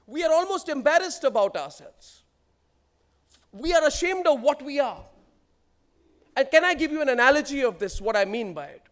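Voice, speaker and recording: A man's voice: very high voice, lively intonation, moderate pace. A man in his forties with an Indian English accent, giving an emphatic motivational speech built on rhetorical lists. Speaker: keynote speaker.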